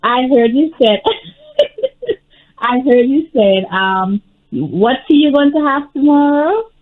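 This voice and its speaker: A woman in her forties calling in to a show with a polite, soft manner and a question. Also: high-pitched, big pitch swings, slow pace. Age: 40s. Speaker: caller. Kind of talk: phone-in question. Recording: tinny phone line.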